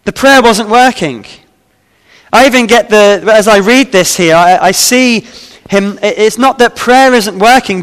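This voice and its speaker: A man's voice: sits high, a bit bright, long reverb tail. A man preaching a sermon, reading scripture aloud and then explaining it with frequent fillers and restarts. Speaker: pastor.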